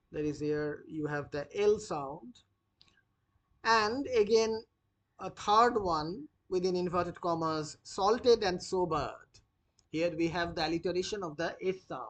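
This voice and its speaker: A literature teacher dictates notes for students at a deliberately slow pace. Each phrase is repeated, and key words are spelled out one letter at a time. While explaining, the teacher pauses often with "uh". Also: mid-range voice. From India. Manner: frequent "uh" fillers when explaining. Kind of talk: dictated lesson.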